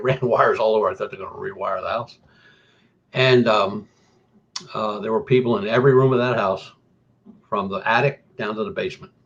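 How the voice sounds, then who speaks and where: A man telling a story as a guest, with an animated delivery that jumps higher for emphasis. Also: highs cut off. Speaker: guest paranormal investigator. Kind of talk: casual storytelling.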